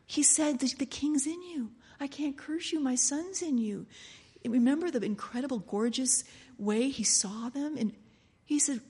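A woman preaching a passionate sermon, swinging between soft, intimate lines and loud exclamations. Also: sits high, moderate pace.

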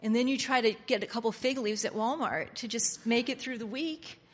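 A woman preaching a sermon, switching from hushed, confiding lines to loud, excited outbursts. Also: a little high, a little fast. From Pennsylvania. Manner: animated, swinging from hushed to loud exclamations. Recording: long hall reverb.

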